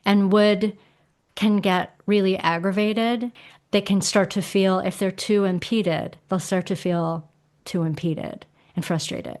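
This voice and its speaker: A middle-aged woman talking casually as a podcast guest, explaining ideas with animated emphasis and acting out quoted voices. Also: mid-range voice, slow.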